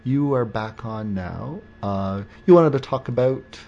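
A man's voice: medium pitch, expressive, a little slow, gravelly, warm tone. A man hosting a podcast in casual chat, rambling and joking with many restarts. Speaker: podcast host. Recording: dull lo-fi recording.

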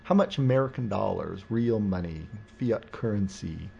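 A man's voice: fairly low pitch, lively intonation, moderate pace, vocal fry, warm tone. Podcast host guy, jokey and rambling, lots of restarts, faint hiss behind. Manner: rambling, joking, many restarts. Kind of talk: casual podcast chat. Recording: dull lo-fi recording.

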